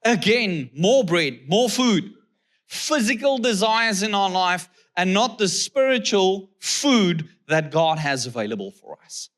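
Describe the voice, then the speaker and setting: South African preacher with a raised voice. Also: male voice, high voice, lively intonation, a bit bright. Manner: reads scripture slowly, then asks the crowd rhetorical questions; keeps checking in with "okay?". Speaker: guest pastor. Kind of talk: sermon with scripture reading.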